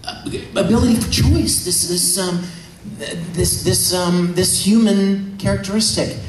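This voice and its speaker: A man voicing a passionate, lovestruck male starship captain who pleads in a halting, raised voice. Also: high voice, soft background music, voice pushed up. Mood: pleading. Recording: echoey hall, faint noise.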